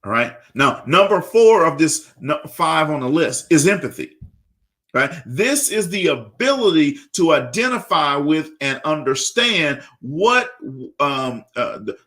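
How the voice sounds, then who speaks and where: A man's voice: on the high side, sing-song, a little slow, a bit bright. A man hosting a leadership talk show on the radio, who speaks straight to his listeners in a preachy tone and often repeats words while searching for the right phrase.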